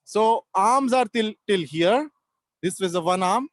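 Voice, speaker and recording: Travel vlogger, man from India, high voice, dry close sound, patient teacher-like tone for kids. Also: lively intonation, no echo. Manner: slow, explaining patiently to children. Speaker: travel vlogger addressing children. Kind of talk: casual outdoor travel vlog talk to kids. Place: outdoors in a city square.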